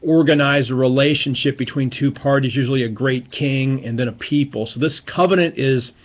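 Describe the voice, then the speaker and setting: A man's voice: mid-range voice, moderate pace, highs cut off. A man giving an informal, enthusiastic Bible teaching lecture, stressing key words as he explains.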